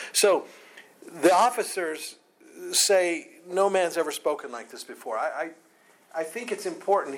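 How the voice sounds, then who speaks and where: A man's voice: fairly high pitch, fairly bright tone, low-quality recording. A man leading a conversational Bible study, earnest, often restarting and repeating words as he explains a scripture passage. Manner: reads scripture aloud. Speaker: Bible teacher.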